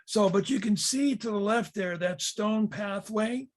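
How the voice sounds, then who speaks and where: A man leading a Bible history lesson, explaining pictures in a measured way with frequent fillers and restarts. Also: high voice. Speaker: tour leader and teacher.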